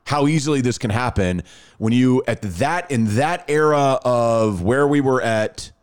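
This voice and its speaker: A man's voice: mid-range voice, a little slow, smooth. A man in his thirties casually telling a personal story on a podcast, acting out the dialogue. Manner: animated, acts out quoted dialogue.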